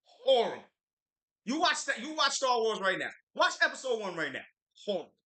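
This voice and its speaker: A man co-hosting a livestream, chatting in an opinionated, emphatic way. His voice sits high and swings a lot, with a very bright, sharp edge. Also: brisk, roomy sound. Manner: animated, opinionated, repeats words for emphasis. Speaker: livestream co-host. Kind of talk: casual pop-culture chat.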